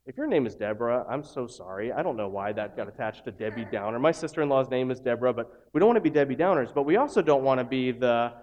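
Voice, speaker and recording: A man preaching a sermon as a pastor, in a conversational way that swings from hushed, slow lines to loud, emphatic ones. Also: medium pitch, animated, lo-fi sound.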